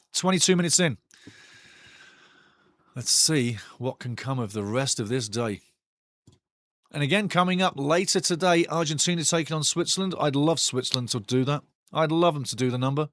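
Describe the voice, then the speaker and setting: A man hosts a live football watch-along, calling the action and chatting with viewers in a casual, foul-mouthed way. His voice sits a little high for a man, and it is recorded close and dry with no room sound. He gets sharply louder whenever the play heats up. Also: dry recording. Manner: excitable, blunt and foul-mouthed, swearing freely; bursts louder at big chances. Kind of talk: casual live football commentary and chat reading.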